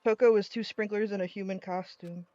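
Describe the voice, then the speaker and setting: A woman's voice: mid-range voice, fairly even intonation, a little fast, dark tone, lo-fi sound. A woman streamer giving casual, exasperated commentary on a game, laughing and swearing often. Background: faint game music.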